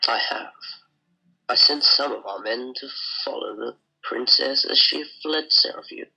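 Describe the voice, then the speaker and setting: Man voicing a game villain, greedy, sneering, whispery gloating, raspy, bright tone. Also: medium pitch, a little slow, full character voice, rough recording. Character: scheming greedy male soldier villain. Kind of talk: amateur voice acting over a video game.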